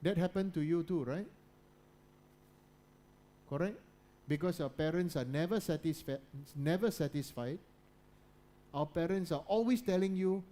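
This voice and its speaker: A man with a slightly high voice gives a motivational talk to a student audience. He talks in repeated phrases and keeps asking the listeners to agree with him. He often drops to a quiet, low voice for emphasis. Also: measured pace, long pauses. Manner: repetitive, keeps checking in with listeners. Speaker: guest speaker.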